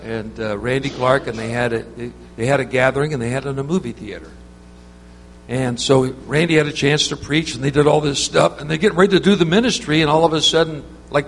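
A man preaching an informal sermon, telling stories in a rambling, conversational way with many restarts. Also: medium pitch. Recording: reverberant hall with faint hum.

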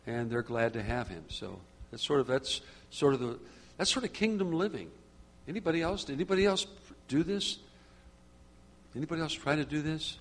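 A man's voice: on the high side, lively intonation, a little fast, a bit bright. A middle-aged man leading a church small group, talking conversationally and growing fervent and preachy, often repeating phrases. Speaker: group leader.

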